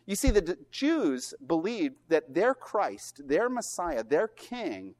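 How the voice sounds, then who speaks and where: A man's voice: fairly high pitch, takes it slowly. A man preaching a sermon, retelling a scripture passage with emphatic rhetorical questions. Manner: animated storytelling with rhetorical questions; emphatic and earnest.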